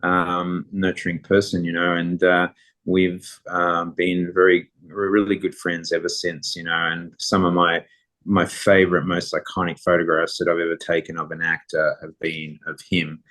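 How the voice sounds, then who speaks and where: Deep flat-voiced man telling stories. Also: normal speed. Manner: rambling, relaxed anecdote-telling. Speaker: guest photographer. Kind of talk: casual interview storytelling.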